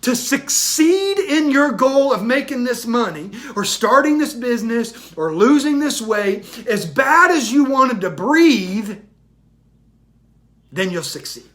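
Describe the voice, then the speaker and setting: A man's voice: very high-pitched, big pitch swings, slow, a bit bright, exaggerated voice. A man voicing a stern male mentor who talks in blunt, commanding orders. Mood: firm. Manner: curt, commanding.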